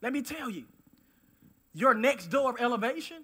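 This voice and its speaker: A man preaching a sermon, emphatic, repeating key phrases and swinging between loud declarations and hushed asides. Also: extremely high pitch, animated, normal speed, pauses often, slightly rough.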